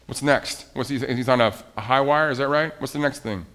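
A man's voice: mid-range voice, fairly quick, fairly bright tone. A man preaching as pastor in a children's sermon, coaxing the kids with questions and explanations.

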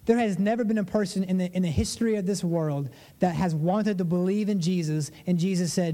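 A man's voice: brisk, hardly any pauses, mellow, long reverb tail. A man preaching a conversational sermon as a pastor, acting out prayers in a lifted voice. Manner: conversational preaching, acts out prayers with rising pitch.

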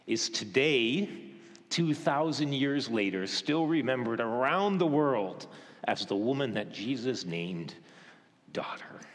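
Guy preaching a sermon, lots of questions, goes quiet and soft sometimes, long church echo. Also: mid-range voice. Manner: questioning, dramatic pauses, softens to a hush for gentle moments. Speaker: pastor. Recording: reverberant church hall.

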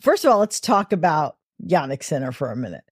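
A woman talking tennis on a podcast in a casual chat, wry and full of quick detail. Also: low voice, sing-song, slightly rough, no echo, studio quality. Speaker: tennis guest commentator.

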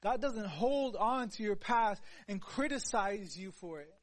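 High-voiced earnest male preacher. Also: lively intonation, measured pace. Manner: earnest, swings between soft hushed passages and louder emphatic ones. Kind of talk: sermon.

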